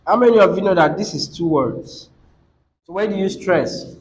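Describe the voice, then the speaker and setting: A man's voice: high-pitched, animated, moderate pace, slight background noise, rough recording. A man teaching a class on word stress, often putting questions to the students and repeating the key words. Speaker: English teacher. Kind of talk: classroom lecture.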